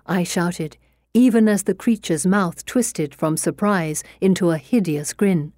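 Woman reading an audiobook, expressive, warm low voice, dry close sound. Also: unhurried, dry recording. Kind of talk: audiobook narration.

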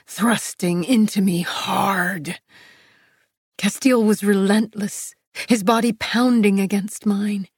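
Slow husky woman narrating romance. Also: medium pitch, no echo, clean studio sound. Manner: soft, breathy, intimate. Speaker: audiobook narrator. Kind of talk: first-person romance audiobook narration.

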